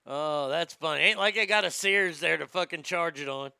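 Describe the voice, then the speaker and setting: A middle-aged man rattles through a comedic commentary in a mocking, sarcastic tone, laughing at his own jokes. His voice sits high and bright, with a gravelly rasp. It is recorded dry, with no room sound. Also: normal speed, dry recording. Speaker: host.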